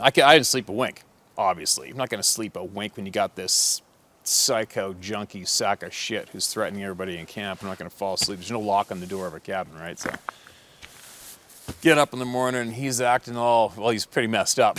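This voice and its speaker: A man's voice: lowish voice, fairly quick, fairly bright tone. A man who works as a hunting guide tells a story in a casual, blunt, profane way, with many filler words.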